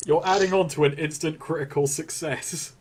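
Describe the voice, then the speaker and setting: A man's voice: on the high side, steady tone, normal speed, a little mellow, breathy edge. A man playing a tabletop game, laid-back and giggly, a bit scattered. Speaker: player.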